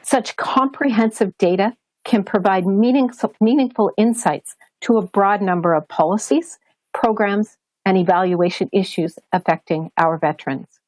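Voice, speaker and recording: A woman with a Canadian accent reading a prepared statement as a government official at a press briefing, in a formal, measured way. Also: mid-range voice, a little mellow, no echo, low-quality recording. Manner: formal, measured delivery, switching between English and French.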